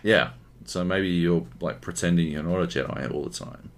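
A man's voice: deep voice, moderate pace. An Australian man from Queensland co-hosting a podcast in casual chat, often swearing and ranting. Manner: swears a lot, animated ranting. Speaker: podcast co-host.

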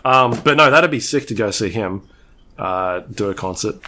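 A man's voice: lowish voice, lively intonation, moderate pace, pushed and bright, slight background noise. A man co-hosting a podcast, rambling in casual chat with frequent fillers and casual swearing. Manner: rambling, lots of ums and likes, swears casually. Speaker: podcast co-host.

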